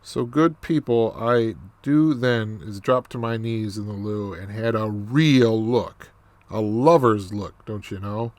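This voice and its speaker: Halting, slow-talking man reading aloud. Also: lowish voice, darkish tone, no room sound. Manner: halting, self-deprecating, many restarts. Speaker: reader. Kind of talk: reading a novel aloud with commentary.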